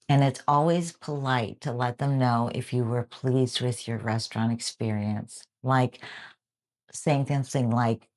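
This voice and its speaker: Female English teacher, very deep voice, clear deliberate lesson read. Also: darkish tone. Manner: slow, clear teaching delivery with acted example phrases.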